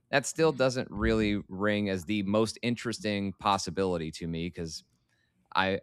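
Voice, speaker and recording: Male guest, low and smooth, close and dry, talks in thought-out arguments. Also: a bit bright, no echo. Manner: analytical, opinionated, builds arguments. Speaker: podcast guest. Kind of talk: casual podcast chat.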